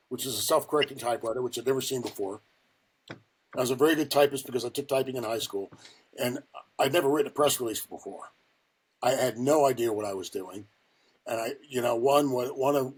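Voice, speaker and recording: An older man from Ohio, a guest telling a long personal story in a rambling, profane way with lots of fillers and a husky voice. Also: mid-range voice. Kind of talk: casual storytelling.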